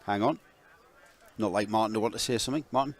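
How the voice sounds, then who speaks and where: Low-voiced guy calling a race live, steady, explains what's happening. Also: fast talker. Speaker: lead race commentator.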